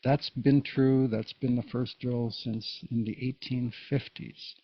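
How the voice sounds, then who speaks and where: A man's voice: mid-range voice, little pitch movement, takes it slowly, no echo. A man giving a casual, patient Morse code lesson, explaining each step in plain words. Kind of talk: casual spoken tutorial. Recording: dull lo-fi recording.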